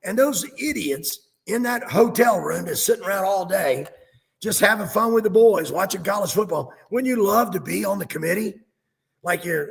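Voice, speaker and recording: A man's voice: high-pitched, expressive, moderate pace, vocal fry. A man co-hosting casual sports talk, ranting and sarcastic, recorded with a reverberant room sound.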